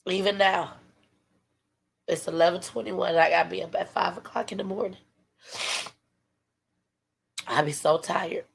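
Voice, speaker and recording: Tired, gravelly-voiced woman hosting a livestream. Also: fairly low pitch, fairly even intonation, normal speed, long pauses. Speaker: livestream host. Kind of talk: emotional livestream talk.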